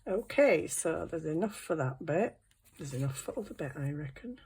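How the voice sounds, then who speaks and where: A woman's voice: low-pitched, expressive, normal speed, dark tone, slight background noise. A middle-aged woman, chatting to herself while crafting in a casual vlog, flustered and apologetic. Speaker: craft channel host.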